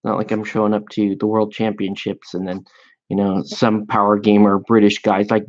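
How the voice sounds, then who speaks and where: A man's voice: lowish voice, level tone, darkish tone. A man chatting casually and rambling with amusement as he paints miniatures at his hobby desk. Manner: slow, rambling, self-amused. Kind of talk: casual chat while painting. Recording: dull lo-fi sound.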